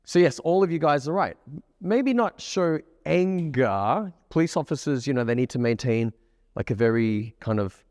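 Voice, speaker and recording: A man coaching a live group of students, keeping the session energetic and often checking that the room follows him. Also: medium pitch, normal speed, dry recording, clean studio sound, big-room sound. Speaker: dating coach. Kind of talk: live workshop teaching to a group. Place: room with a live audience, on stage.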